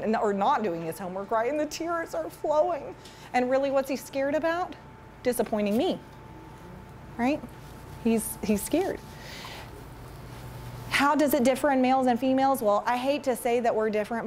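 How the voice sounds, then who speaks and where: A woman giving a chatty, animated talk to a room of parents, often tossing questions to the audience. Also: on the high side, slight background noise. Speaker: school parent education presenter. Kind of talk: casual presentation to parents.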